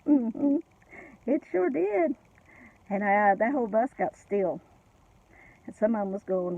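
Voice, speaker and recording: A middle-aged or older woman tells a family story in a chatty way, with frequent laughs and many asides. Her voice has a gravelly fry, and the sound is thin and tinny, like a phone line. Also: a little high, animated, a little slow, pauses often, no room sound. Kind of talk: casual personal storytelling.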